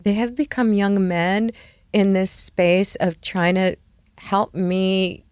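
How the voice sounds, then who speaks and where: A middle-aged woman speaks heartfelt words as a podcast guest, dropping in Spanish phrases now and then. Her voice sits at a medium pitch. The sound is close and dry. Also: steady tone, takes it slowly, a little mellow, smooth, no room sound. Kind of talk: casual interview chat.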